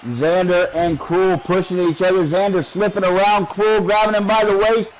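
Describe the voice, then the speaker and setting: High-voiced excitable male wrestling commentator. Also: normal speed, a little hiss or hum, low-quality recording. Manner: excitable, joking, rises in pitch during action. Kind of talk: play-by-play commentary.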